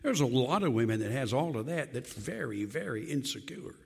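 An older man, a pastor of many years, preaching a sermon that swings from loud emphatic lines to quiet low drops, with joking asides. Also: big pitch swings, fairly quick, gravelly, slightly rough, in a large hall.

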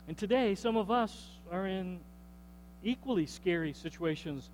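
High-voiced pastor preaching casually. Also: male voice, animated, measured pace, darkish tone, a little hiss or hum, poor audio. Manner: conversational preaching, frequent "okay?" check-ins and repeated words. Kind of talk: sermon. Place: church.

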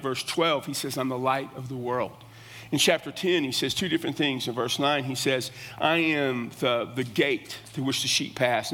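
A man's voice: medium pitch, a bit bright. A middle-aged man preaching a sermon as a pastor, earnest and emphatic, often restarting his words. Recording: long reverb of a church hall.

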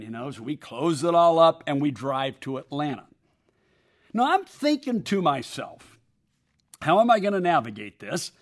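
Guy telling a story like a sermon, kinda high voice, swings all over when he acts out the other people. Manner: animated, acts out quoted voices. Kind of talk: personal anecdote, sermon-like storytelling.

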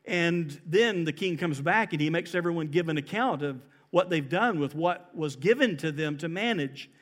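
High-voiced man preaching earnestly. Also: lively intonation, moderate pace. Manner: earnest preaching, rising to emphatic peaks then dropping soft. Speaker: pastor. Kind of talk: sermon.

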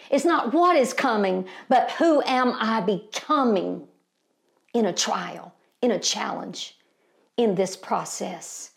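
A woman's voice: mid-range voice, a little slow, creaky. An older woman preaching a sermon, impassioned and folksy, rising to emphatic peaks and calling her listeners beloved and family.

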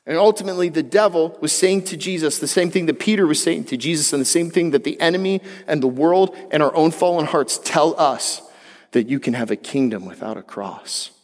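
A man's voice: a little high, brisk. A man preaching a sermon in a conversational way, mixing jokes with emphatic, rising passages. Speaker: pastor. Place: church hall. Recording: long hall reverb.

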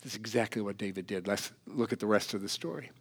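A man preaching a sermon as pastor, animated, swinging from loud emphasis to hushed asides. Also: fairly low pitch, fast, breathy edge.

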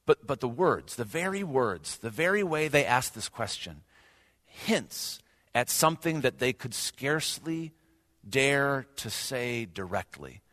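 A man's voice: mid-range voice, very animated, measured pace, fairly bright tone. A male pastor preaching a sermon earnestly, with rhetorical questions and rising emphasis. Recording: long hall reverb.

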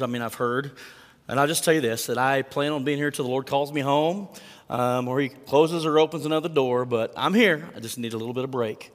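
A male pastor delivers a sermon in a church, his voice sitting a little higher than most men's. He talks in a chatty, animated way, tossing quick asides to the congregation, and a long reverb from the hall trails each phrase. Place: church sanctuary.

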